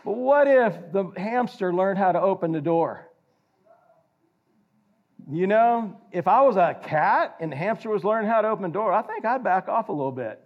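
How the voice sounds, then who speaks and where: An older man preaching a sermon, animated and jokey, quizzing the congregation. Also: sits high, normal speed. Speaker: pastor. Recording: slightly dull lo-fi recording.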